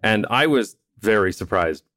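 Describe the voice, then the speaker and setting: Deep-voiced chatty man. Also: expressive, normal speed, a bit bright, dry recording, studio quality. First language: English. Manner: chatty, explains at length, laughs easily. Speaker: podcast co-host. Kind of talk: casual conversation.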